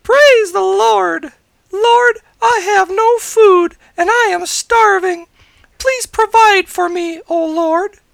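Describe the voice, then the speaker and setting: A man voicing a devout little old lady who shouts her praise in a shrill, drawn-out falsetto. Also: gravelly, dry recording, full character voice. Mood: fervent.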